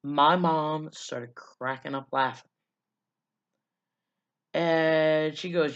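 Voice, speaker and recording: A woman's voice: lowish voice, takes it slowly, pauses often, lo-fi sound. A woman vlogger telling her life story in a loose, casual way, blunt and profane, with lots of fillers.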